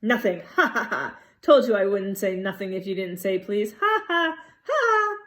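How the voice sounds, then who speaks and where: A woman's voice: mid-range voice, fairly even intonation, a little slow, close to an everyday voice. A woman doing a cackling, taunting poltergeist. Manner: singsong, taunting. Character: cackling mischievous male poltergeist.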